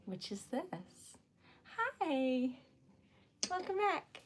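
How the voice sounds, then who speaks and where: A woman's voice: high-pitched, sing-song, extremely slow. A woman hosting a casual craft livestream, chatting and giggling often as she greets viewers. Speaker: livestream host making wax seal stickers.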